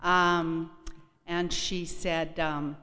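A woman shares her story with a live audience, wry and frank, with a confiding tone. Her voice is bright and forward. The sound rings with the long echo of a hall. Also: lowish voice, flat delivery, drawn-out words. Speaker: speaker sharing a recovery story. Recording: echoey hall.

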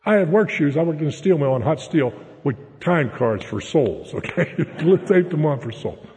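A man spins a humorous story of his own life, folksy and plain-spoken, often checking in with the crowd with a quick "okay?". His pitch swings widely as he talks. His voice carries the long echo of a large hall. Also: animated, darkish tone. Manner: folksy, keeps tagging lines with "okay?". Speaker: speaker sharing a recovery story. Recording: echoey hall.

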